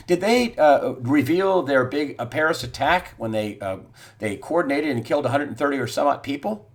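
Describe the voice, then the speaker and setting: A middle-aged man hosting an election commentary monologue, emphatic and repetitive, with many "uh" fillers and swings from loud outbursts to near-quiet asides. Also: a little high, expressive, moderate pace. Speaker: host.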